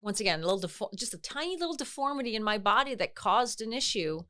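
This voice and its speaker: A young adult woman co-hosting a podcast, telling a story in casual chat and acting out quoted voices with lively swings. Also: fairly high pitch, fast. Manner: animated, acts out quoted voices. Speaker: podcast co-host.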